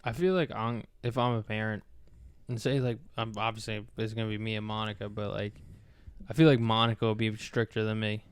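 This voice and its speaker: Profane, excitable young man telling stories. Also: fairly low pitch, brisk, clean tone, no room sound. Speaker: podcast co-host. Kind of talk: casual chat.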